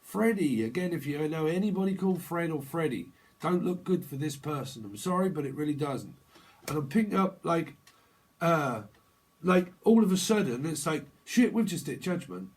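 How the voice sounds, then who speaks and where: A man's voice: a little high, lively intonation, moderate pace, husky. A man giving a casual, off-the-cuff tarot reading, rambling through jokey, slangy wordplay. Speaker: tarot reader.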